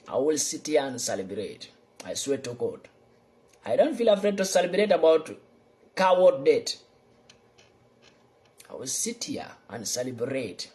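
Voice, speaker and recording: A young man giving an impassioned political monologue, fervent and repetitive, swinging between loud outbursts and low muttering. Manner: repeats lines for emphasis. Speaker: political vlogger.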